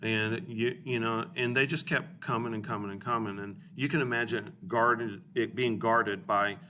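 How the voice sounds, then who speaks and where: A man's voice: medium pitch, fairly even intonation, moderate pace, bright, forceful tone. A man in his forties lecturing as a history teacher, blunt and informal, often checking in with his students. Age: 40s. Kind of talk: recorded classroom lecture. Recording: distant mic with room noise.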